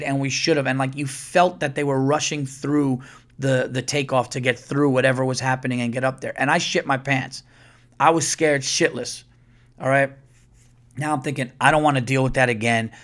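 A man hosting a podcast, telling a story in casual monologue, acting out other people's lines and swearing freely. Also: mid-range voice. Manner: swears freely, repeats words when excited. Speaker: podcast host.

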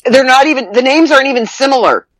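A woman's voice: high-pitched, lively intonation, quick pace, dry recording, low-quality recording. A woman co-hosting a podcast in a casual, blunt and joking way, swearing freely. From Canada. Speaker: podcast co-host.

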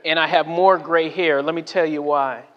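A man in his forties from Southern California preaches a sermon in a fairly high voice. He works through personal stories, keeps checking in with "right?" and acts out each person he quotes. The sound carries a long reverb from a large church hall. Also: steady tone, moderate pace, lo-fi sound. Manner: storytelling with frequent "right?" asides and acted-out quotes. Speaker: pastor. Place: church sanctuary.

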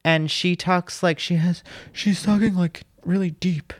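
A man's voice: sits high, steady tone, unhurried, no echo, clean studio sound. A man co-hosting a podcast, rambling casually about a movie with lots of fillers and easy laughter. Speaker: podcast co-host.

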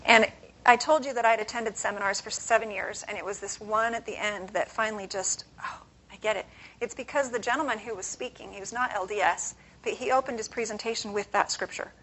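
A woman's voice: mid-range voice, a little fast, fairly bright tone, rough recording. A woman speaking as an author at a conference, giving a conversational motivational talk and posing questions to the audience.

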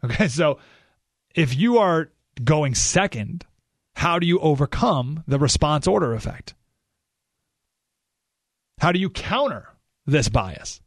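A man's voice: fairly high pitch, no echo. A man hosting a radio talk show, giving an emphatic, opinionated monologue full of rhetorical questions, recorded in a studio.

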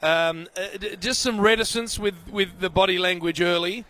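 Male radio host, high bright voice, easygoing questioner. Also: fairly even intonation, normal speed. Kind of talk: comic radio chat.

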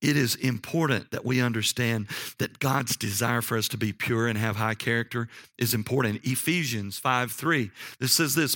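A man preaching a sermon, telling a personal story and rising in pitch for emphasis. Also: normal speed, no echo, clean studio sound. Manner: animated, jumps up in pitch for emphasis.

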